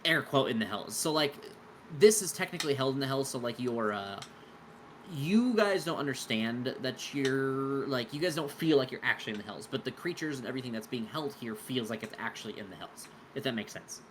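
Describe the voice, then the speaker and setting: A man's voice: medium pitch, animated, a little fast, a little hiss or hum, low-quality recording. A man running a tabletop game, explaining the rules in a loose, rambling way full of fillers. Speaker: game master.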